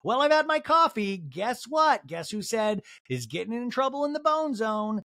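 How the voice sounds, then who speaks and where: A man's voice: extremely high pitch, big pitch swings, normal speed, sharp tone, no echo, clean studio sound, voice pushed up, exaggerated voice. A man voicing a theatrical middle-aged wife who talks in a gushing, dramatic way.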